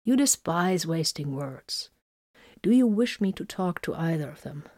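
Woman reading as inquisitive male medic, low voice, gentle but pushy questions. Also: expressive, measured pace, dry recording, studio quality. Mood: probing. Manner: soft-spoken yet pressing questions. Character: probing, insistent male visiting medic.

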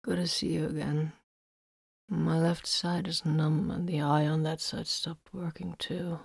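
A woman reading a story and voicing a badly wounded male warrior who speaks quietly, weakly and calmly. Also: sits low, a little fast, slightly rough. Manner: quiet, weak, strained. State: weak from a wound.

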